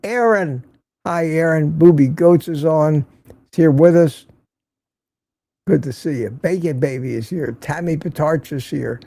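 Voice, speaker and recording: An older man with a gravelly, fairly high voice hosts a relaxed livestream, greeting viewers by name and ribbing them in a chatty way. His tone is mellow and the sound is dry and close. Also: measured pace, no echo. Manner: reads viewer comments aloud, teasing and chatty. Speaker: livestream host. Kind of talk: casual livestream chat. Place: home in Florida.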